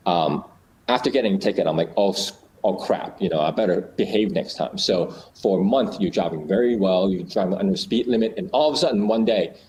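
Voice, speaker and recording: Man, low voice, casual storytelling, lots of fillers and restarts, faint background hiss. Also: darkish tone, rough recording. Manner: storytelling, many fillers and restarts, acts out little scenes. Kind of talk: casual explanatory chat.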